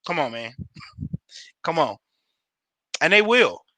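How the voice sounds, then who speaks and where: A man giving a casual, slangy pep talk on a livestream, animated and laughing often. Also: a little high, slow, dry recording. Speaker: home business promoter on a livestream.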